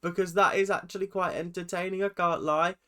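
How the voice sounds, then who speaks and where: A man talking casually through a reaction video, chatty and animated, laughing often and breaking into exaggerated outbursts. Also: sits high, fairly quick, clean tone.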